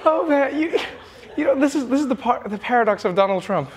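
A man's voice: very high-pitched, fairly quick, crowd noise. A man hosting a late-night show, delivering a comedy monologue with laughing asides. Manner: animated, laughing asides, mock-indignant.

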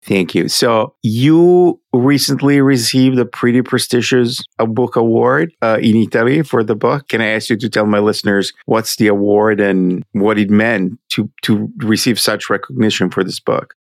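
Male podcast host; low-pitched, measured, dry mic. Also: steady tone, no room sound. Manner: measured, polite questioning. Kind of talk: podcast interview.

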